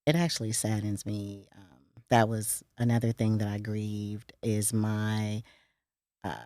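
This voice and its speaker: A middle-aged woman co-hosting a podcast, speaking in a measured, reflective way during candid casual conversation. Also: a bass voice, fairly even intonation, darkish tone, no echo, clean studio sound. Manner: measured and reflective, with frequent fillers. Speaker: podcast co-host.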